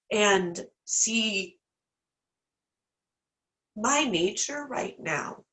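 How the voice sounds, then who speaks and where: Leading an informal online class, a teacher speaks with candor and self-deprecation, wandering into tangents as she goes, a little teary with a blocked nose. Her mid-range voice has a fairly bright tone, and the recording quality is low.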